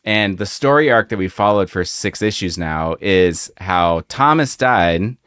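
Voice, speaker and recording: Seorang pria membawakan podcast bersama, membahas komik dengan santai dan sering ragu memakai kata pengisi. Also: male voice, sits low, unhurried, smooth. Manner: relaxed, hesitant with fillers, retells scenes. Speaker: podcast co-host. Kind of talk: casual comic book discussion.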